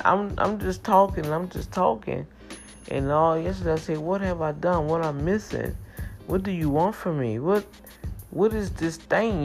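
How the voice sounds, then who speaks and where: A woman's voice: sits low, gravelly. A middle-aged woman talking to her viewers in a chatty, emotional personal faith vlog. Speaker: vlogger. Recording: praise music playing underneath. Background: praise music.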